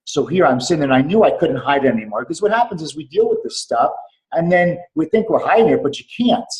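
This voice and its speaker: A man's voice: fairly high pitch, animated, fast, a little mellow, poor audio. A middle-aged man on a remote call, telling a personal story earnestly as a podcast guest, repeating phrases for weight. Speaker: podcast guest, clinic doctor.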